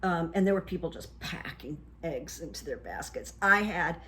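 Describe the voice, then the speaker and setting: A woman's voice: fairly low pitch, lively intonation, normal speed, fairly bright tone. An older woman, a vlogger, telling a casual story to her viewers in a chatty, meandering way with many ums and uhs. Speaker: vlogger and hypnotherapist.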